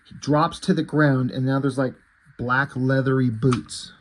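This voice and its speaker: A man's voice: medium pitch, steady tone, measured pace, a little hiss or hum. A man casually reviewing a comic book, rambling and correcting himself, with the odd swear word.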